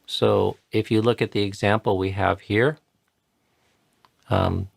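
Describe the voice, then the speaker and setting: A man's voice: lowish voice, steady tone, gravelly, no room sound, clean studio sound. A man patiently explaining and modeling pronunciation in a live chanting tutorial. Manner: patient, explanatory, repeats words slowly to model sounds. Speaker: chanting teacher.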